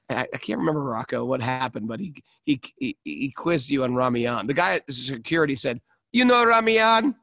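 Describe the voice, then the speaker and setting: A man co-hosting a casual spiritual podcast chat, telling lively stories and acting out the voices of the people in them. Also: medium pitch, moderate pace, gravelly, no room sound, clean studio sound. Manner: animated storyteller, acts out voices. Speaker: podcast co-host.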